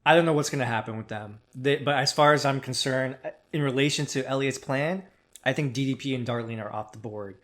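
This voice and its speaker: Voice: medium pitch, fairly quick. A podcast co-host casually speculating about where a TV show's plot will go, enthusiastic but often hedging. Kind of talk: casual TV discussion.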